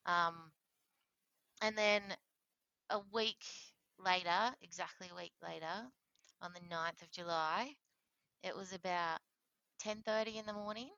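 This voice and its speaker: A woman telling her own story in a candid, animated interview, often laughing and acting out what others said. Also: lowish voice, a little slow, gravelly, pauses often, no room sound, lo-fi sound. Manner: animated, acts out quoted voices, laughs often. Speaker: interview guest sharing her transplant story.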